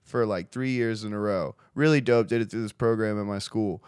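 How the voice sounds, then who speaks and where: A man's voice: lowish voice, a little fast, a little mellow, clear, resonant tone, no room sound, clean studio sound. A young man from Maryland co-hosting a podcast, telling loose stories with plenty of swearing and laughter. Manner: laid-back, swearing, laughing storyteller. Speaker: podcast co-host. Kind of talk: casual podcast chat.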